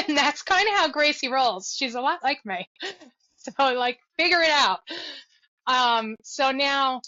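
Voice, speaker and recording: Bright, dry-voiced mother sharing stories. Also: high voice, animated, slow pace, no room sound, dull audio. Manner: earnest, reflective storytelling. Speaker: podcast guest, mother. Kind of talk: casual interview chat.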